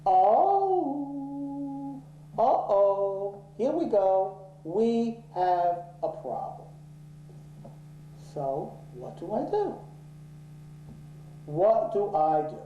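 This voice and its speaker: A man telling a story in an interview, swearing freely and getting worked up and loud when angry. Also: high-pitched, lively intonation, drawn-out words, long pauses, highs cut off, a little hiss or hum. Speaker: interviewee, office owner. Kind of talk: profane, animated storytelling in an interview. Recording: roomy echo.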